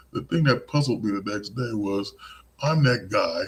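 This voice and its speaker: A man's voice: fairly low pitch, animated, moderate pace, slight background noise, rough recording. A man hosting a live-streamed podcast, delivering an emphatic, profane monologue. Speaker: podcast host.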